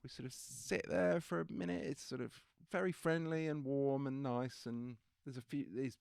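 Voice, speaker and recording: A male photographer, a guest, telling a lively anecdote in casual conversation and acting out the people he quotes. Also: mid-range voice, moderate pace, creaky, no echo, clean studio sound.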